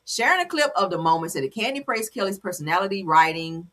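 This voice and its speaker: Woman host chatting gossip, bright voice, jumps all over pitch-wise, laughs a lot. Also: fast talker. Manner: animated, laughing, blunt and playful. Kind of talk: casual commentary on celebrity gossip.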